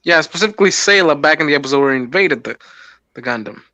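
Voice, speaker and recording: A man as a guest on a casual roundtable chat, reacting with loud jokes and laughter. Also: a little high, animated, fast talker, dry recording, highs cut off. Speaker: panel guest.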